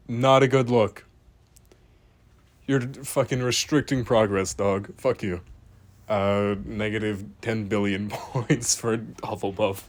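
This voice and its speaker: Deadpan man mock-rating animals. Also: fairly low pitch. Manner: deadpan, swears casually, talks straight to the animals. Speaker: host reviewing animal pictures. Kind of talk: mock-serious comedic commentary.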